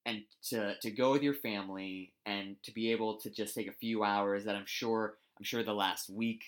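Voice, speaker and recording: A man's voice: lowish voice, fairly even intonation, moderate pace. A man co-hosting a casual sports talk show, rambling and searching for words with frequent restarts. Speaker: co-host.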